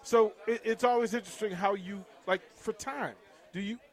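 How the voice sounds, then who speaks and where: A man hosting a casual interview who laughs easily and asks his questions in slow, halting bits. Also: high voice. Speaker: host.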